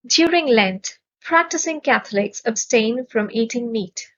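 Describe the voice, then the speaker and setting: A woman teaching English vocabulary in a measured, clearly enunciated way, stressing each syllable. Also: a little high, lively intonation, fairly bright tone, muffled recording. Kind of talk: slow, careful vocabulary lesson.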